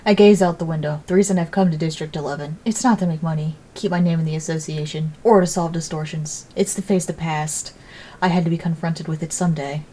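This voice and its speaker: A woman narrating a story in the first person with an even, deliberate reading. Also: low-pitched.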